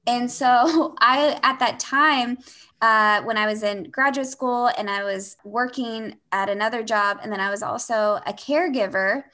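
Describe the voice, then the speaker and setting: Young woman, bright and lively, casual podcast storyteller. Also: fairly high pitch, a little slow. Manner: animated storyteller, frequent "like" fillers. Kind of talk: casual conversation, personal storytelling.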